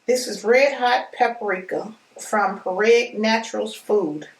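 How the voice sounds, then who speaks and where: A woman vlogger, chatting excitedly with viewers as she unboxes a package. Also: medium pitch, slow pace. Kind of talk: excited casual unboxing chat. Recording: echoey room, voice a bit far from mic.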